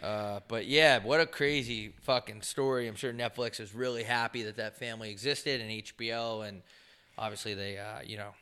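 A man's voice: fairly low pitch, fairly even intonation, moderate pace, sharp tone, clear, resonant tone. A man co-hosting a podcast in crude, joking casual chat. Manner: crude, joking, trades bits in silly voices. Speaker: podcast co-host.

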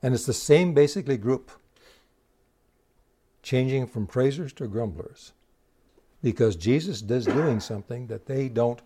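A man's voice: mid-range voice, dark tone, breathy edge. A man preaching a sermon, retelling scripture and asking the congregation rhetorical questions. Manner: retells scripture with quoted dialogue.

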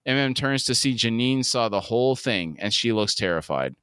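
A man's voice: mid-range voice, moderate pace, clear, resonant tone, dry recording, studio quality. A man co-hosting a podcast, reading out an episode recap. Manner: steady read-aloud narration. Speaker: podcast co-host.

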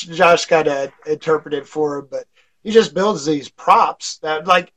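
A man's voice: fairly high pitch, fairly bright tone, poor audio. A man being interviewed on a casual podcast, telling stories in a rambling way with lots of fillers and chuckles. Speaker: podcast guest, fire instructor.

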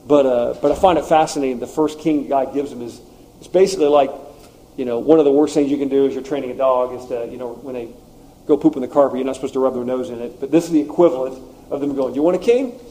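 A man preaching a sermon and teaching through a text, conversational with animated asides. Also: mid-range voice, fast. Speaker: pastor.

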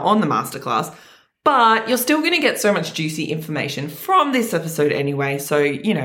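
Chatty Australian woman hyping up a podcast. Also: lowish voice. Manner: energetic, chatty, hype-girl enthusiasm. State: morning voice, slightly deeper. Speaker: podcast host and wellness coach. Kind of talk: upbeat podcast monologue.

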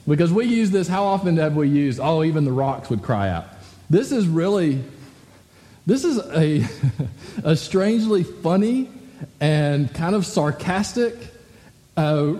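Casual male pastor, slightly high but mellow voice, chatty asides, long church-hall echo. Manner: conversational, full of rhetorical "right?" asides. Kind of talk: sermon.

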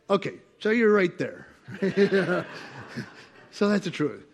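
A middle-aged male pastor preaches in a high voice with plenty of gravel and fry. He tells stories from his own life, acts out the other voices in them, and swings between quiet asides and loud, urgent preaching. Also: very animated, brisk. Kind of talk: sermon with personal stories.

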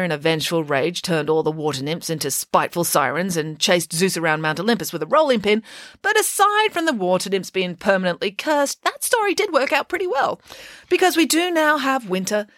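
A woman's voice: medium pitch, sing-song, fairly quick, a bit bright, dry recording, clean studio sound. A woman voicing a confident, bossy female pig nanny who speaks in a matter-of-fact storytelling way. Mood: knowing, matter-of-fact.

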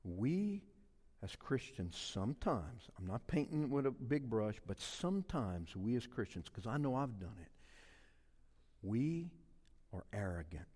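A man's voice: medium pitch, very animated, measured pace, darkish tone, slightly rough, in a large hall. Emphatic preaching man in his fifties. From South Louisiana. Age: 50s. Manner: emphatic preaching with rising repeated phrases. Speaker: pastor. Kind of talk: sermon.

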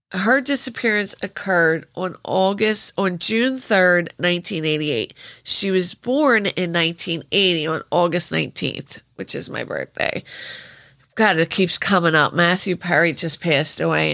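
Gravelly bright-voiced woman telling a crime story. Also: fairly low pitch, dry recording. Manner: chatty, emotional asides. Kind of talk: casual true crime retelling.

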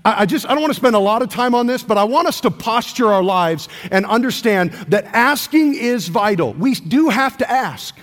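High-voiced pastor guy preaching, swoops all over, call and response stuff, echoey church. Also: expressive, moderate pace, hardly any pauses, fairly bright tone. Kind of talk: sermon.

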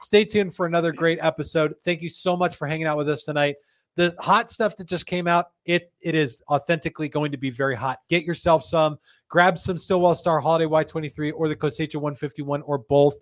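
A man's voice: fairly high pitch, fairly even intonation, fairly quick, dry recording. A man hosting a casual live chat show, laid-back and joking as he reads viewer comments aloud. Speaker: host. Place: company studio.

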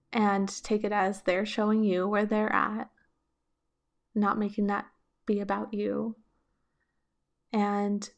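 A woman hosts a solo advice podcast in a calm, reflective voice of middling pitch. She talks in a gentle coaching tone and lets light laughs slip in between her thoughts. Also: vocal fry. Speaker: podcast host.

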